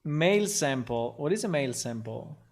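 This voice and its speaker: A man's voice: on the high side, animated, normal speed. A man talking casually on a livestream as a game developer, thinking aloud in a rambling way with lots of ums and restarts. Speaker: game developer streaming his work. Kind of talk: casual livestream talk while working.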